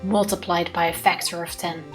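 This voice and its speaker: A woman reading the lines of a cold, proud male prosecutor in a measured, stern way, with game music behind. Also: fairly low pitch, little pitch movement, natural voice.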